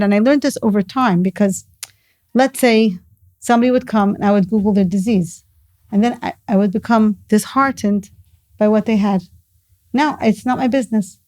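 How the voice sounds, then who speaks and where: A woman's voice: medium pitch, darkish tone, no echo. A middle-aged woman talking earnestly in a casual conversation, telling stories and mixing in Hebrew and Yiddish words. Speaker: guest, mother of the host.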